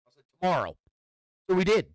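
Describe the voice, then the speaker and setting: A man's voice: high voice, sing-song, fast talker, no echo. A man, hosting a casual chat and rambling through a story, swearing freely and restarting his sentences. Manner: rambling storyteller with loose profanity and stammered restarts. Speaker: podcast host.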